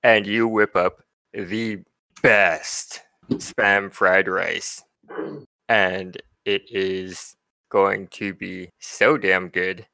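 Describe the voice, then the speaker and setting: A man narrating a tabletop game as game master, playful and quick to laugh. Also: low-pitched, steady tone, vocal fry, pushed and bright, no room sound. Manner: laughs often, playful and teasing.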